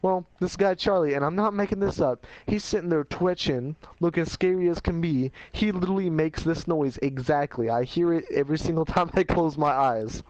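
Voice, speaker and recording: A man's voice: fairly high pitch, normal speed, hardly any pauses, darkish tone, highs cut off, a little hiss or hum. A man telling a casual life story in a rambling, slangy way, laughing at himself as he goes.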